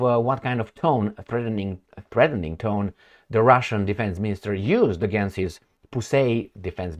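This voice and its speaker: A man's voice: fairly low pitch, darkish tone. A man hosting a political commentary channel, talking casually and sardonically with frequent fillers. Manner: conversational, sardonic, many fillers.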